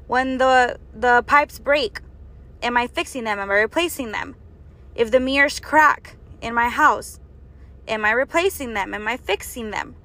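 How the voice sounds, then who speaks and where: A woman's voice: a little high, a little slow, bright, forceful tone. A woman giving an earnest faith and health talk, exhorting her listeners with strings of rhetorical questions. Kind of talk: preaching monologue.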